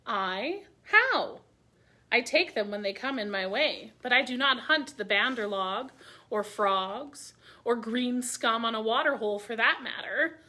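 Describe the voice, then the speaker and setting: A woman voicing a proud, menacing male python who talks in a deliberate, hissing way in a storybook reading. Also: fairly high pitch, bright, forceful tone. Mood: haughty.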